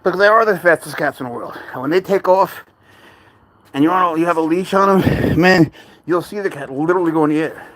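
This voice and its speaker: A man's voice: a little high, brisk, a bit bright, dry recording. A man walking his cat outdoors, chatting casually to the camera and talking to the cat like a buddy. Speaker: pet vlogger. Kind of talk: casual vlog talk to camera and pet. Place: outdoors, walking near a cemetery.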